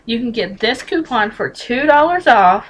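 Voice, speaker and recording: A woman's voice: fairly high pitch, lively intonation, normal speed, a little hiss or hum, poor audio. A woman vlogging a casual how-to on couponing, blunt and chatty, with mild swearing and lots of emphatic repetition, speaking straight to the viewer.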